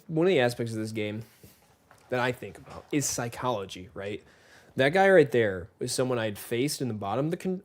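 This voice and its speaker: A man live-streaming a shooter game, chatting casually with viewers and greeting them by name in a rambling, friendly way. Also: mid-range voice. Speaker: gaming streamer. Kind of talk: casual live-stream chat while playing.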